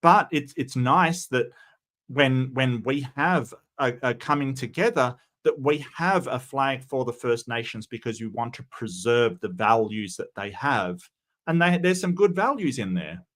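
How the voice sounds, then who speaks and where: A man's voice: medium pitch, lively intonation, unhurried, fairly bright tone. A man talks loosely on a livestream, answering his chat as he goes. He rambles through fillers and false starts, with plenty of strong opinions along the way. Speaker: streamer reading chat.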